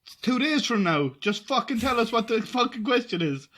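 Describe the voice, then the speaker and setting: A man's voice: very high-pitched, big pitch swings, moderate pace, a bit bright. An Irish man on a casual podcast, swearing freely and mocking his friends in rowdy banter. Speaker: podcast co-host. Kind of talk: casual chat.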